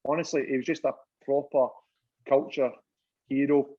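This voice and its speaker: A Scottish man, a former goalkeeper, chatting as a podcast guest and telling stories in an animated way, laughing and swearing freely. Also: mid-range voice, normal speed, dull audio. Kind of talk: casual chat.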